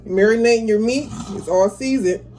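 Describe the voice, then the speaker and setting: In a home kitchen, a cook with a mid-range, slightly mellow voice chats easily at normal speed, walking viewers through a recipe one step at a time. She laughs readily throughout this casual cooking tutorial, though the audio quality is poor.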